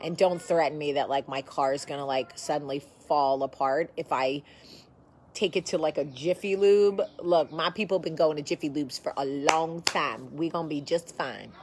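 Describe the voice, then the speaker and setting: A woman's voice: deep voice, slight background noise. A woman hosting a casual chat to camera from her home, blunt and sassy in manner. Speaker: host.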